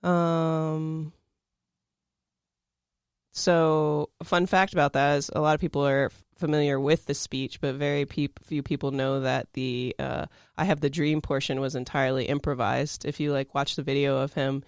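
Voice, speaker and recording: A man's voice: on the high side, little pitch movement, moderate pace, clean tone, no room sound, studio quality. A young man in his twenties, co-hosting a casual chat, reading facts aloud with many fillers and restarts.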